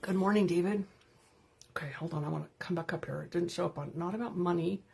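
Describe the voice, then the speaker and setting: A woman's voice: on the low side, fast talker, creaky, a little mellow, slight background noise. A woman hosting an unscripted live stream, talking candidly and greeting viewers by name as she goes. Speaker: livestream host.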